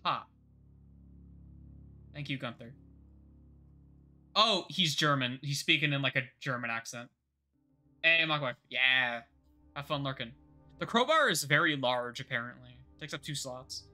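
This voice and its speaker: Young guy streaming a game, super bright sharp voice, rambly, swears a lot, faint music behind. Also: medium pitch, animated, a little slow, long pauses. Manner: rambling, swears when frustrated, talks to himself. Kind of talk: casual live gameplay commentary.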